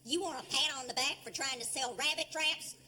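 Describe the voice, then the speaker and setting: An actress playing a bossy, sharp-tongued old mother in a wheelchair. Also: sits high, fairly quick. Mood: scolding. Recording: noisy TV studio recording.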